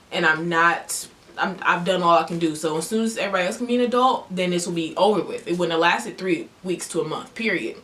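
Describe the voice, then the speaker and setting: A young woman vlogger telling a story-time tale in a heated, animated way, full of "like" fillers. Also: mid-range voice. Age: young adult.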